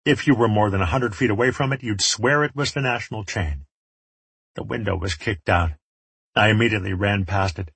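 A man's voice: on the low side, fairly quick, gravelly, a bit bright, breathy edge, no room sound. A man reading a first-person story aloud, with wry, sardonic asides. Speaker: audiobook narrator. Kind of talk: first-person audiobook narration.

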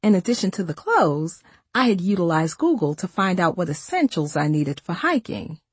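A woman reading a first-person novel aloud in a steady, conversational way. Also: fairly low pitch, normal speed, breathy edge, no echo. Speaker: audiobook narrator.

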